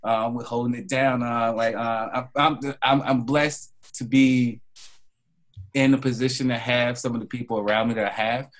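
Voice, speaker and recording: A man hosting a comedy showcase on a video call, soft-spoken and halting as he introduces the next act. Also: medium pitch, steady tone. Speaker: showcase host.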